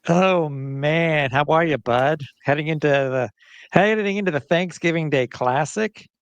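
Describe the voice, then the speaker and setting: A man's voice: fairly high pitch, a little slow, clear, resonant tone, no room sound. A man hosting a sports podcast in casual chat, talking loosely with frequent restarts and fillers. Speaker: podcast host.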